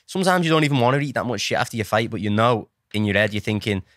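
A podcast host with a Liverpool accent, his voice very deep. He talks fast and banters with his guest, and the recording is dry and close. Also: lively intonation, fairly bright tone, dry recording. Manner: quick banter and short interjections. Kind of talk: casual podcast chat. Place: podcast studio.

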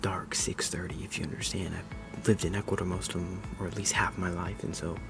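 A man vlogging in a soft unvoiced whisper in his kitchen at dawn, chatty and a bit self-deprecating. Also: low-pitched, little pitch movement, brisk, creaky. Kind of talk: whispered vlog narration. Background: loud background music.

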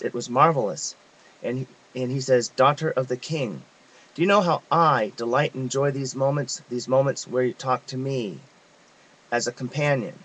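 A man reading a devotional text aloud, in a measured, reverent way with pauses. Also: mid-range voice, fairly bright tone, rough recording. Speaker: reader of devotional messages.

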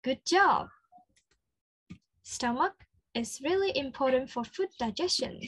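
A woman with an Australian accent leading an interactive children's lesson, slow and encouraging, full of praise. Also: high voice, lively intonation, fairly bright tone, no echo. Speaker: children's speech clinic presenter.

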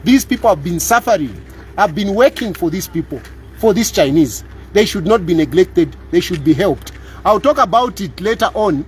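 High-voiced Zambian man making an emphatic appeal. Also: lively intonation, normal speed, a little hiss or hum. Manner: emphatic, repeats lines, tags "eh?" for agreement. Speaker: public lawyer. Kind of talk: impassioned street appeal to camera.

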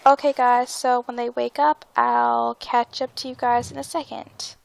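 A woman's voice: a little high, flat delivery, measured pace, vocal fry, hardly any pauses. A woman hosting a let's play, chatting casually about her game, giggly and often tripping over her words. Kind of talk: casual gameplay commentary.

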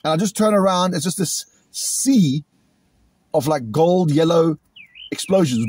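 A British man venting angrily in a vlog, repeating himself and imitating loud bangs, recorded outdoors. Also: on the high side, measured pace, breathy edge. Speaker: vlogger. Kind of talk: agitated monologue to camera. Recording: outdoors in a cemetery.

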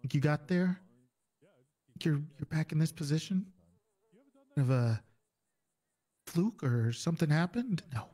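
A man playing a stern male officer in an improvised game role-play, giving calm, threatening warnings. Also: a little high, a little slow, pauses often.

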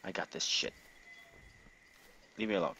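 A man commentating his own gameplay casually, excitable, laughing and swearing often. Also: deep voice, moderate pace, a little hiss or hum.

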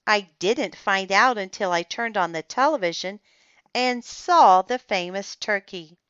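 A woman reading a children's chapter book aloud in a slow, careful and expressive manner. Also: medium pitch, clear, resonant tone, dry recording. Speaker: storybook reader. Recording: slightly dull, muffled recording.

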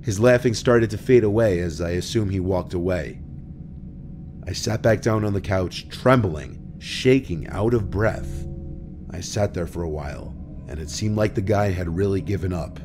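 Deep, steady male narrator for creepy first-person stories, music bed underneath. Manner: calm, measured storytelling. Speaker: horror story narrator. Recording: narration over background music.

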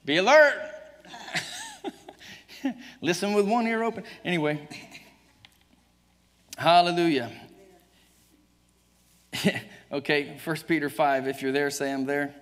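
This pastor's Southern-accented voice sits on the high side, and he preaches expressively and slowly, leaving long pauses. He leans emphatic with his congregation, joking and chuckling often, and the church sanctuary livestream has long reverb.

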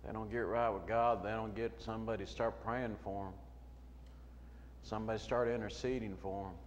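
A middle-aged man preaching a sermon as a pastor, moving between quiet storytelling and loud shouting. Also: fairly low pitch, steady tone, normal speed, lo-fi sound. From United States. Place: church sanctuary. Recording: long hall reverb, faint room noise.

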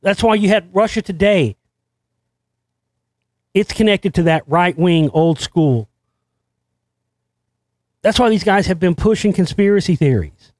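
A man hosting his own show, delivering a rambling, excitable monologue full of restarts and swearing. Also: high-pitched, measured pace, long pauses, no echo. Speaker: show host. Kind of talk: conspiracy commentary monologue.

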